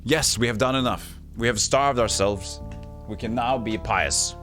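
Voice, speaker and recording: A man's voice: medium pitch, measured pace, a bit bright, soft background music. Wry man streaming a retro game. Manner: wry, self-mocking remarks. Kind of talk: casual gameplay commentary and reading aloud.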